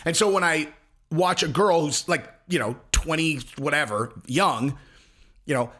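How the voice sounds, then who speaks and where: This man's video rant is measured in pace, his voice on the high side with a sharp edge. Talking to camera as an online commentator, he wanders crudely from point to point and keeps interrupting himself.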